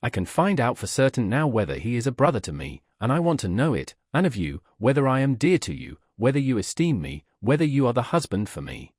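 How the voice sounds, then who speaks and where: A man reading the lines of an earnest, principled young woman in an audiobook, firm and measured. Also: mid-range voice, very animated, darkish tone, slightly rough, no room sound, clean studio sound. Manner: firm, measured, appealing to reason.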